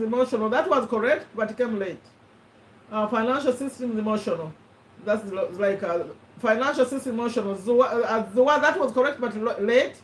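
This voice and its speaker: High-voiced woman hosting a live quiz, echoey. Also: distant mic, slight background noise. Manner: chatty, reads out viewer names and answers, checks and rules on them. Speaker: live stream host running a quiz. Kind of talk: casual live-stream chat. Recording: echoey room, voice away from the mic.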